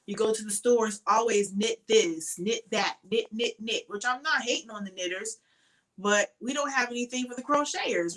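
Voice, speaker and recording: A woman's voice: medium pitch, a bit bright, poor audio. A tired woman hosting a casual crochet live stream, chatting in a rambling way and thanking viewers by name.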